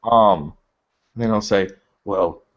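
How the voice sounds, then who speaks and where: A man's voice: fairly low pitch, a little slow. A man on a wrestling podcast panel, joking crudely and acting out quoted lines. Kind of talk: casual wrestling chat. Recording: dull lo-fi sound.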